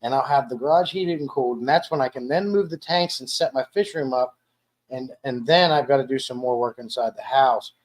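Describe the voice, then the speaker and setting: A man's voice: medium pitch, brisk. A man hosting a casual live stream from his dining room at home, reading viewer comments aloud and rambling with frequent restarts and repeated words.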